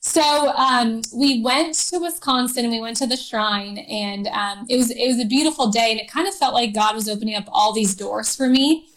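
A woman in her thirties, a podcast guest, telling a personal story in a halting way, full of fillers and restarts. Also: fairly high pitch, fairly bright tone, poor audio. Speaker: interview guest.

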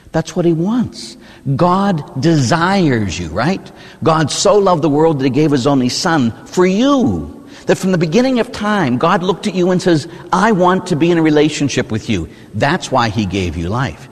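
A man, a Catholic priest, preaching a sermon in an animated, rhetorical way, often asking "huh?". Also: mid-range voice, husky. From United States. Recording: reverberant hall.

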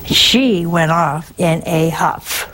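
Woman, sermon, very slow, rhetorical questions, faint background noise. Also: on the low side, a bit bright. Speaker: religious teacher.

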